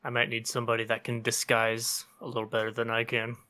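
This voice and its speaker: A man's voice: medium pitch, completely flat delivery, quick pace, sharp tone. A man playing in a tabletop game, asking questions in an unsure way. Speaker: player. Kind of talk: casual tabletop game talk.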